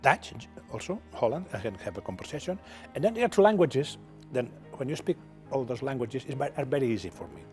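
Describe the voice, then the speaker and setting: Older Catalan man, halting non-native English. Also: mid-range voice, big pitch swings, a little mellow, soft background music. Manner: halting, repeats words, frequent "okay?" tags, laughs often. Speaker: television producer, guest.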